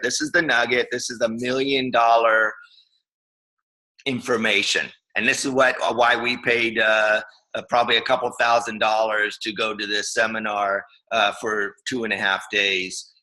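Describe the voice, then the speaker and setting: Man in his 50s, bright voice, enthusiastic, rambling, casual training talk. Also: medium pitch, low-quality recording. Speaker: co-host.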